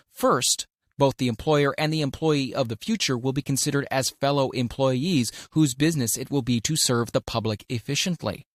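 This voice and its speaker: Deliberate male audiobook narrator, dry sound. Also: medium pitch, no room sound. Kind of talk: scripted audiobook narration of a self-help classic.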